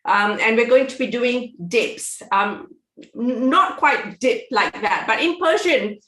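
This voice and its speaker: Chatty woman cooking host, bright and a bit high, in an echoey kitchen on a video call. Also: expressive, slow. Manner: chatty, laughs often, self-correcting. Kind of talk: casual cooking demo chat. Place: home kitchen.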